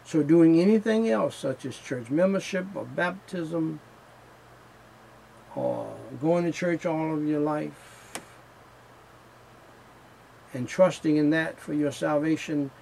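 A man preaching a sermon in a slow, emphatic style, returning again and again to the same refrains. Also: a little high, gravelly, dark tone, slight background noise, rough recording.

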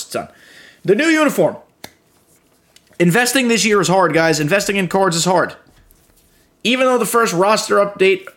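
Young male podcast host with a slightly raised pitch, casual and profane gaming chatter. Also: fairly bright tone. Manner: loose and profane, with frequent fillers.

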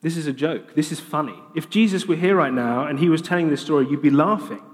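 A man preaching in a big hall, his voice ringing out with a long echo. He talks in a slightly high register and keeps it animated and humorous, slipping into playful voiced asides as he teaches. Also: quick pace. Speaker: pastor. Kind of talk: sermon.

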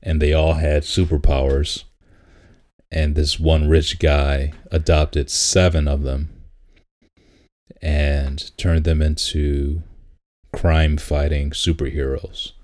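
Slow, very deep-voiced man chatting. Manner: laid-back, laughing, repeats words when excited. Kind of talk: casual chat.

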